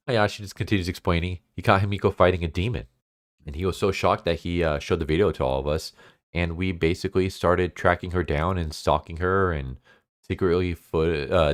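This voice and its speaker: Very deep-voiced man recapping a story. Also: no room sound, clean studio sound. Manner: loose, filler-heavy storytelling. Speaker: anime video host. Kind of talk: casual plot recap.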